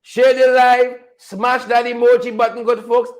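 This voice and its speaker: A Guyanese man with a very high voice hosts a political livestream. He is sarcastic and keeps repeating himself. He pleads with his viewers. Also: level tone, measured pace, poor audio. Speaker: host of a political commentary livestream.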